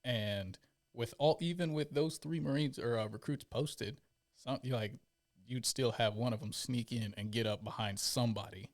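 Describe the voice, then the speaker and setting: Animated storytelling man. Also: medium pitch, normal speed. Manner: animated storyteller acting out quoted voices. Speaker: podcast guest, former Marine. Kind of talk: casual chat, storytelling.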